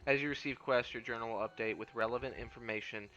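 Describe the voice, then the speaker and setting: A man hosts a casual game playthrough, reading the tutorial text aloud between quick asides. His voice is bright and forceful. The recording is dull and lo-fi. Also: mid-range voice, steady tone. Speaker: gaming channel host.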